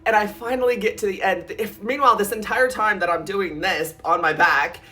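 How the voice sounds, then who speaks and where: A woman in a storytime vlog, retelling a nightmare in an animated, breathless way, with lots of "like" and sudden jumps in pitch, sometimes close to tears. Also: fairly quick. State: near tears at times. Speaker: vlogger.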